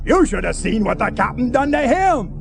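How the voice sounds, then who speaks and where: Un nain bourru et moqueur. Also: male voice, extremely high pitch, sing-song, moderate pace, exaggerated voice. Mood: mocking. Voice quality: gravelly. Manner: jeering, rough-spoken. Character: gruff rowdy dwarf guard, mocking. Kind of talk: 1990s adventure game voice acting. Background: game music.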